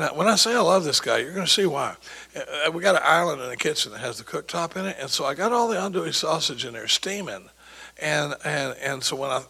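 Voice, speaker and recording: A man's voice: fairly high pitch, gravelly, bright, forceful tone, husky, rough recording. A man speaking as a recovery sponsor, telling rambling stories with quoted dialogue and many false starts. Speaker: recovery sponsor sharing at a meeting. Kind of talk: rambling anecdotal talk.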